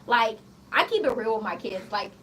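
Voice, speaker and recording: High-pitched woman ranting bluntly, swears a lot, sits back from the mic, faint hiss behind. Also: moderate pace. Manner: blunt, profane, animated storytelling. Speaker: radio show guest. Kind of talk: casual interview chat. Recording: slightly distant mic with faint background noise.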